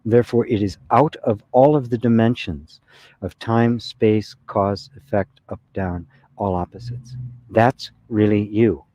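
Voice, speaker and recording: A man's voice: lowish voice, unhurried, no echo, lo-fi sound. A man giving a conversational satsang talk as spiritual teacher, often checking with "right?". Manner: conversational, with frequent "right?" and soft laughs.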